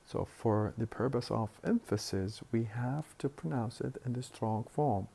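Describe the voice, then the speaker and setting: A man lecturing on phonetics, explaining slowly and deliberately with hesitant fillers and repeated words. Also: medium pitch, gravelly, warm tone, breathy edge. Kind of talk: recorded university lecture.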